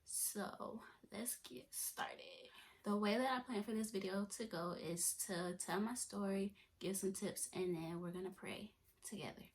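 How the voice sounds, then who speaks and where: A woman's voice: mid-range voice, normal speed, hardly any pauses. A woman, telling her personal story in a chatty vlog. She often drops to a near whisper and repeats and restarts her phrases. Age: 20s. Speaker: vlogger.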